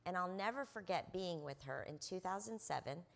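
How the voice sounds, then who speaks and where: A middle-aged woman speaks from a convention stage in a low voice with a gravelly edge of fry. She tells anecdotes earnestly, dotting her sentences with ums and uhs. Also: animated, moderate pace. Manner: earnest anecdotal storyteller with frequent fillers. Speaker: panelist. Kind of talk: conference panel storytelling.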